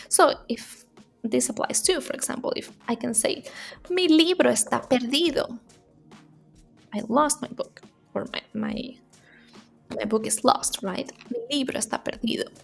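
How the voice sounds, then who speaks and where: A woman teaching Spanish in a casual video lesson, chatty and repeating phrases slowly for learners. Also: high voice, vocal fry.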